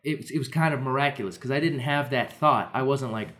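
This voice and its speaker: A man's voice: medium pitch, fairly quick, fairly bright tone. A young man casually telling a funny story on a podcast, laughing often and acting out voices. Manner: laughs often, acts out voices in his stories. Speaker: podcast co-host.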